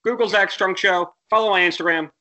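A man's voice: sits high, fairly even intonation, a little fast, pushed and bright, muffled recording. A young American man co-hosting a casual sports podcast, rambling and correcting himself, with exasperated rants. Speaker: podcast co-host.

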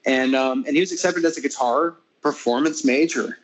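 Rambling American guitarist in conversation. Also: male voice, mid-range voice, moderate pace, muffled recording. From United States. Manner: rambling, many restarts and fillers, animated when retelling. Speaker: classical guitarist and interview guest. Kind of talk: casual conversational interview.

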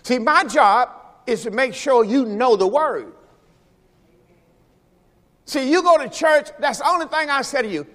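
High-voiced preacher in a reverberant church. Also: male voice, expressive, measured pace, pauses often, a bit bright. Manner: preaching with call-and-response to the congregation; folksy, repeats phrases for emphasis. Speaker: pastor. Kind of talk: sermon. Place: church sanctuary during a service.

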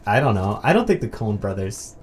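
A man casually talking through a film, swearing freely and jumping into loud, excited mock outbursts. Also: lowish voice, fairly quick, slight background noise. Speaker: movie commentary co-host. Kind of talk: casual film commentary chat.

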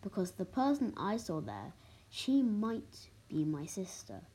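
A woman reading the lines of a confident young British soldier in a storybook, in a plain, breathy reading voice. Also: medium pitch, very animated, unhurried, mellow. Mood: puzzled.

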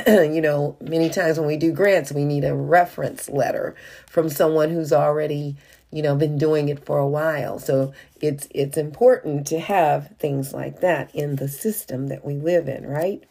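A woman's voice: deep voice, steady tone, moderate pace, gravelly, mellow. A woman leading a Bible study. She reads scripture aloud and then explains it conversationally, with frequent fillers. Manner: frequent "uh" and "you know" fillers. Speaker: Bible teacher.

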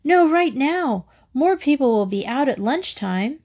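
A woman's voice: fairly high pitch, expressive, unhurried, a little mellow. A woman voicing a stubborn, determined young girl in a storybook reading. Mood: insistent.

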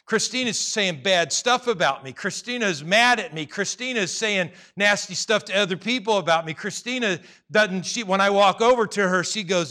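A man's voice: high voice, normal speed, few pauses, pushed and bright. A male pastor preaching a sermon to his congregation, conversational and humorous, acting out little scenes.

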